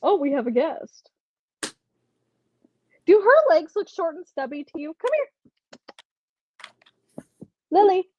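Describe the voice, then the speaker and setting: High-voiced giggly woman livestreamer. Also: very animated, takes it slowly, pauses often, dull audio. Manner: chatty, giggly, reads chat comments aloud. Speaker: livestream host running a giveaway. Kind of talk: casual livestream chat.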